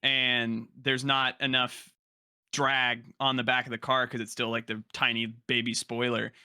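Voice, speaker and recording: A man's voice: medium pitch, level tone, measured pace, bright, forceful tone, clear, resonant tone, no room sound, clean studio sound. A man co-hosting a podcast in casual chat, explaining things with hesitant starts and fillers. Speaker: podcast co-host.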